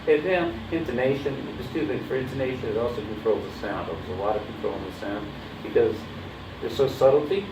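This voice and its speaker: A man giving a hands-on horn lesson in a casual, coaching way, often checking that his student understands. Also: on the low side. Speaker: horn teacher. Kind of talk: casual one-on-one instruction. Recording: roomy, distant, dull mic with background noise.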